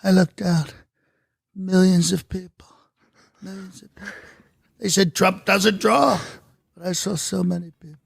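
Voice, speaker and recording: A man doing an impression of a bragging older male politician with a drawling, breathy delivery. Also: sits high, steady tone, a little slow, pauses often, dry recording, clean studio sound, exaggerated voice. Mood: whispering. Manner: drawling, then breathy whisper.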